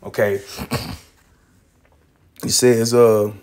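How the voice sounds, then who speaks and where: A man's voice: lowish voice, flat delivery, extremely slow, a little mellow. A man teaching scripture in a loose, casual way, swearing and laughing often as he reads verses aloud.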